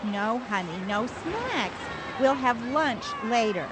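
A woman's voice: fairly high pitch, sing-song, slow. A young woman with an American accent acting a firm, lecturing newlywed wife in a scripted learner dialogue. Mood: bossy. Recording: background noise.

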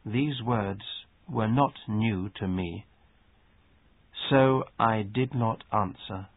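A man reading a story and dialogues aloud for an English lesson, measured and expressive. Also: lowish voice, no echo. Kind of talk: slow read-aloud narration. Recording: dry phone-like sound.

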